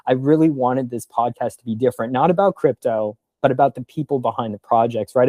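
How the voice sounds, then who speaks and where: Guy in his 30s on a podcast, rambly and earnest, warm mellow tone, dry sound. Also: medium pitch, no room sound. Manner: earnest, emotional, rambling storytelling. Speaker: podcast guest. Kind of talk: casual podcast conversation.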